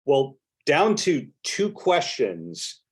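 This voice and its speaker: A man's voice: medium pitch, huge pitch swings, husky. Polite male podcast host asking questions. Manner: polite, measured, thoughtful questions. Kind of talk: interview questions. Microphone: video call.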